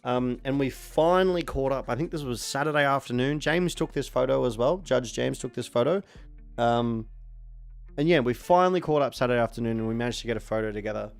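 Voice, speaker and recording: A man in his forties with an Australian accent, chatting casually on a stream in a rambling way, sometimes bursting into excited shouting. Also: mid-range voice, a little fast, vocal fry, soft background music. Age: 40s.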